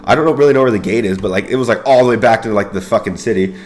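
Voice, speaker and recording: A young man telling a wild story in a slangy, profane, excitable way, often calling his listeners bro. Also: lowish voice, rapid-fire, soft background music. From United States. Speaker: YouTuber and Air Force veteran. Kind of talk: casual storytelling.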